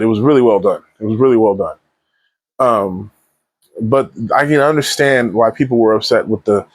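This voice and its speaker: A man giving a casual spoiler movie review, retelling scenes in a rambling, animated way full of slang and restarts. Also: on the low side, no room sound.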